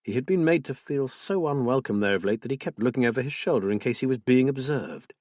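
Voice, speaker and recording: An audiobook narrator reads a suspense novel in measured, subdued scripted narration. His husky voice sits at an even middle pitch, recorded close and completely dry with no room sound.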